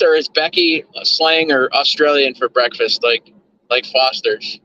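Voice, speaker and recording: A man's voice: medium pitch, slow pace, pauses often, pushed and bright, highs cut off, slight background noise. A man chatting loosely to his stream chat while driving, repeating words and drifting between thoughts. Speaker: livestream host. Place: in a car.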